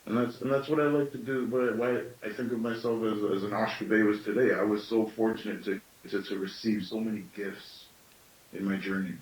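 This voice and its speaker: Storyteller, male, late thirties, slightly deep, musing teaching talk, recorded far off in an echoing room. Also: steady tone, a little fast. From Canada. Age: late 30s. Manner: thoughtful, with self-questioning asides.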